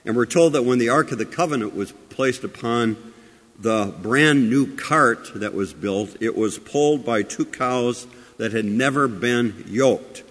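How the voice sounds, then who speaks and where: A man preaching a sermon with many rhetorical questions, moving between loud emphasis and quiet asides. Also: mid-range voice, a little slow. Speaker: pastor. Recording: long hall reverb.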